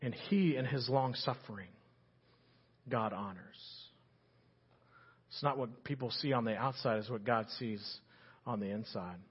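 A male pastor preaching an animated sermon, swinging between loud emphasis and hushed earnestness. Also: medium pitch, a little slow, pauses often, slightly rough, lo-fi sound.

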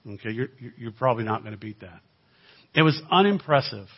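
A man's voice: mid-range voice, animated, a little fast, breathy edge, lo-fi sound. A man giving a sermon as a guest speaker, preaching in a conversational way with dry humor and frequent asides to the congregation.

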